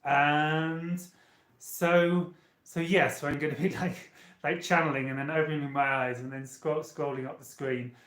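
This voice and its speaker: A man's voice: fairly high pitch, level tone, measured pace, fairly bright tone. A man hosting a casual live stream from a small hotel room. He rambles chattily and talks straight to his viewers. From United Kingdom. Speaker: channeler and live-stream host. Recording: roomy echo.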